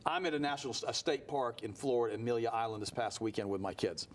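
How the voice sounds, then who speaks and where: A man's voice: medium pitch, quick pace, a little hiss or hum. A man as a guest on a studio talk show, talking heatedly and telling a story at speed. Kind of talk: animated talk-show interview.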